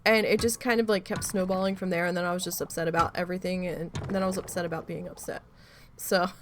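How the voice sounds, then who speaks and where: A woman's voice: on the low side, fairly even intonation, fast, a little hiss or hum. A woman streamer chatting casually while she plays, rambling through a story and swearing freely. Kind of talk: casual chat while gaming.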